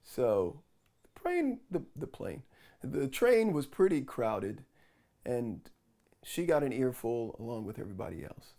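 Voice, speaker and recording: Speaking a little slowly with vocal fry, this mid-range-voiced New Yorker recounts a frustrating episode for his vlog. He keeps it casual but animated, quoting plenty of the back-and-forth.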